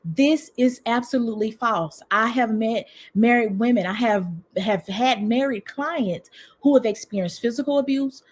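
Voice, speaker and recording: A woman from Mississippi with a Southern US accent, a relationship coach talking fast and excitedly on a livestream from home. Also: a little high. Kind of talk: livestream talk. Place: home room with a heater running.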